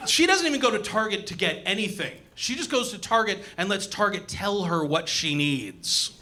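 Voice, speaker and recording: Bright, high-voiced male stand-up comic. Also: normal speed. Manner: animated, acts out voices and punchlines. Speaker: stand-up comedian. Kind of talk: stand-up comedy set. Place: comedy club stage.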